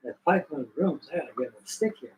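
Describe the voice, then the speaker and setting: A man's voice: on the high side, big pitch swings, fast talker, recorded from a distance, a little hiss or hum, poor audio. An older man from Virginia, hosting a live stream, spinning a rambling, folksy story with restarts. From Virginia, USA. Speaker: host.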